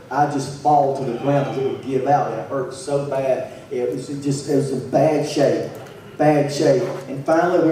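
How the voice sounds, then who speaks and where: An earnest man recounts a hard stretch of his life to a crowd, repeating phrases as he goes. His voice is mellow and a bit high. It comes from far off in a big, heavily echoing hall with faint noise. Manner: earnest, repeats words when emotional. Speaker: motivational speaker. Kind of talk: personal story told to an audience.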